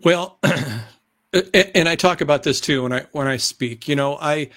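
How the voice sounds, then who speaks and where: A middle-aged man, a former TV announcer and weatherman, telling stories as an interview guest, animated and often clearing his throat. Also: measured pace, dry recording, studio quality. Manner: animated, acts out excited voices in a high pitch. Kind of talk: conversational storytelling.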